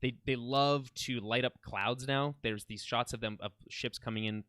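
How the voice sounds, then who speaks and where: A man's voice: mid-range voice, fairly even intonation, normal speed, fairly bright tone, clean tone, no echo. A man co-hosting a podcast, chatting casually and enthusiastically about a TV series, often restarting his sentences. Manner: rambling, enthusiastic, many restarts. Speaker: podcast co-host. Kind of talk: casual film and TV chat.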